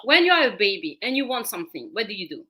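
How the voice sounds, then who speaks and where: Appearing on a talk show, this French-accented parenting coach lays out her method one step at a time, often repeating herself. Her mid-range voice is bright and forceful, very animated, and moves at a quick clip.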